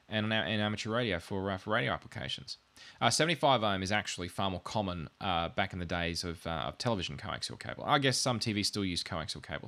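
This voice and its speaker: A man's voice: fairly low pitch, sharp tone. A man hosting a podcast, explaining technical gear in a rambling, self-deprecating way with jokey asides. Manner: wired, says he has had too much coffee. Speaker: podcast host explaining networking. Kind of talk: casual technical explainer chat.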